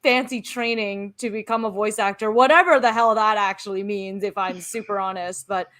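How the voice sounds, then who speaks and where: A woman's voice: medium pitch, steady tone, normal speed, fairly bright tone. A woman in her thirties, a former actor and producer, talking candidly and animatedly in casual chat, swearing now and then.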